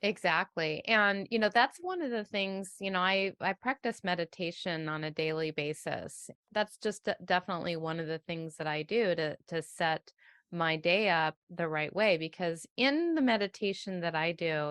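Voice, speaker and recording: A woman's voice: fairly low pitch, fairly bright tone, clean tone, no echo, clean studio sound. A woman speaking as a podcast guest in an earnest, explanatory way, with frequent fillers and restarts. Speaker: podcast guest, manifesting coach. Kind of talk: conversational interview.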